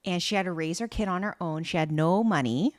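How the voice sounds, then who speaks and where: A young adult woman co-hosting a podcast, recapping a TV drama in casual, profane, animated chat. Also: fairly low pitch, brisk. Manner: animated storytelling, profane and laughing. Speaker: podcast co-host.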